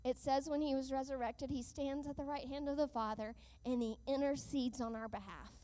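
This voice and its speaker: High-voiced woman preaching a sermon. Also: fairly even intonation, warm tone. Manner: earnest, measured delivery with slowed emphatic lines.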